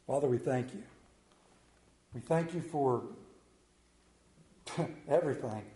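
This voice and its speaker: A man preaching a sermon in a church, pausing for effect and dropping to a hushed voice on key words. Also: medium pitch. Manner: dramatic pauses, drops to a hushed voice on key words. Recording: echoey room.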